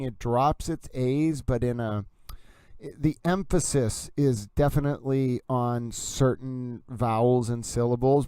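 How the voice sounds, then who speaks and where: Guy on a livestream, wandering off topic, smooth clean voice, no room sound. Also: medium pitch, mellow, no room sound. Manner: rambling, self-interrupting. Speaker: streaming commentator. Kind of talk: casual livestream commentary.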